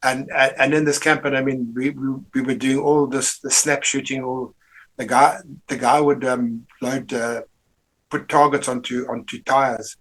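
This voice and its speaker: A man's voice: mid-range voice, level tone, moderate pace, a bit bright, low-quality recording. A man, an army veteran guest reminiscing in a rambling way, full of restarts and salty slang. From Rhodesia. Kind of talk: casual reminiscing interview.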